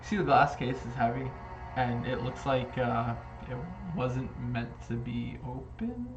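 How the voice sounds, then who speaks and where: A man narrating as game master of a tabletop game, quick and offhand. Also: medium pitch, roomy sound, dull audio, over music.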